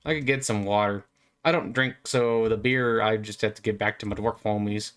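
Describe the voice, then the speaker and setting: A man's voice: on the low side, steady tone, moderate pace, fairly bright tone. A man gives rambling gameplay commentary while playing, talking in a playful, meandering way with stammers and lots of fillers. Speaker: gamer.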